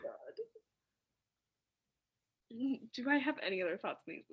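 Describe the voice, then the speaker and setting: A woman's voice: fairly high pitch, expressive, normal speed, highs cut off, slight background noise. A young woman co-hosting a casual podcast, playful, laughing and mimicking voices. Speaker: podcast co-host. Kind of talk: casual chat.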